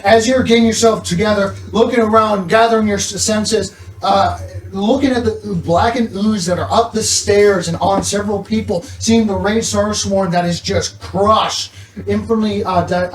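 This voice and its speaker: Man, game master, high voice, laid-back, roomy distant mic. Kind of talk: narrating a tabletop game. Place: room with other players. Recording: echoey room, distant mic.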